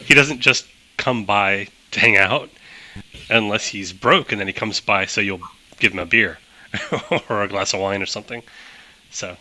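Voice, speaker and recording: A man's voice: lowish voice, normal speed, sharp tone, poor audio. A man narrating as game master of a tabletop game, chatty, laughing often and using many fillers.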